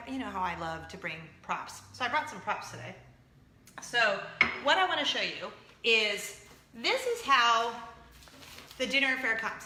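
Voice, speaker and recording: A woman in her thirties hosting a casual chat show, excitable and jumping from point to point. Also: a little high, roomy sound. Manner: chatty, excitable, jumps around. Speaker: show host.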